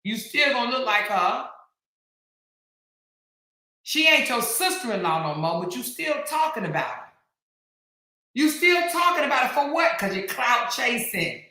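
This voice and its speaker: A woman hosting a commentary channel, scolding and taunting in a heated rant with drawn-out emphasis and bursts of shouting. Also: on the high side, very animated. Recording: very echoey room.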